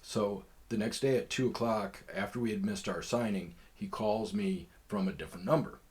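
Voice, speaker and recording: A man's voice: lowish voice, moderate pace, darkish tone. A man hosting a podcast, telling a long personal story in a rambling, profane way with lots of fillers. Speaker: podcast host. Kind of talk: casual storytelling.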